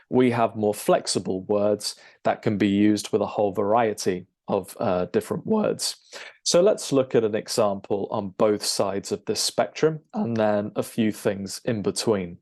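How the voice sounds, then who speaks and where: A man, an English teacher, explaining a lesson over a shared screen, checking in with "okay?" and filling pauses with "um". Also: lowish voice, a little mellow. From United Kingdom. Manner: explanatory, frequent "okay?" check-ins and "um" fillers.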